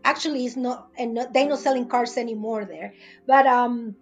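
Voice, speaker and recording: A middle-aged woman with a Spanish accent, lively and talkative, telling a personal story in an interview. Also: on the high side, normal speed, faint music behind.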